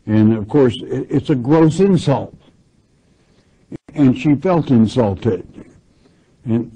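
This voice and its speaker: A man's voice: medium pitch, warm tone, breathy edge. A man teaching verse by verse through a Bible passage, reading scripture aloud and then explaining it plainly. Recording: dull lo-fi recording.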